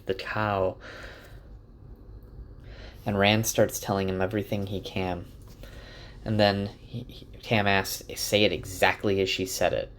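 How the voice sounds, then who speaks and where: A man casually retelling a novel chapter by chapter, with occasional restarts. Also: fairly low pitch. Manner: relaxed, slight restarts. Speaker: book summarizer.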